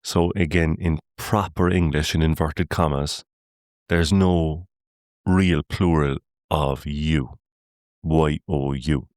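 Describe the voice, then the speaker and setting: A man's voice: rumbling low, steady tone, takes it slowly, a little mellow, dry recording, studio quality. A man with a Cork Irish accent, hosting a podcast as an earnest, explanatory monologue. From Ireland. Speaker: podcast host.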